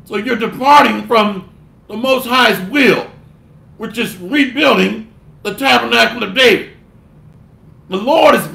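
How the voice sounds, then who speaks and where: High gravelly preacher rebuking fiercely. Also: male voice, sharp tone. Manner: scolding, fiery rebuke; mocks others in put-on voices. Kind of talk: sermon. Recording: echoey room.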